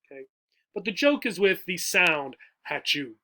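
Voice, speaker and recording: With a high, pushed and bright voice that swings widely in pitch, a man speaks a little slowly as he teaches English learners. An adult education teacher, he explains each joke patiently and keeps asking "right?" along the way.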